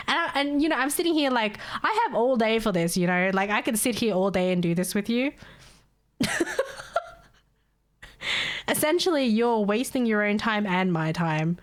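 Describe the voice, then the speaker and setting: A woman's voice: mid-range voice, expressive, moderate pace, pauses often. Laughing, swearing woman streamer. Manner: laughing, profane storytelling. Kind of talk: casual chat.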